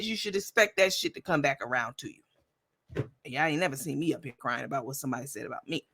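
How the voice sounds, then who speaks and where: A woman's voice: mid-range voice, bright, forceful tone. A woman hosting a commentary stream in a blunt, profane, sassy manner. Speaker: host. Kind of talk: commentary vlog.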